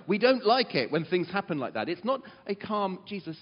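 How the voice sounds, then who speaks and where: A man preaching a sermon, animated and dramatizing quotes. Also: medium pitch, fast talker, few pauses. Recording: muffled sound with long hall reverb.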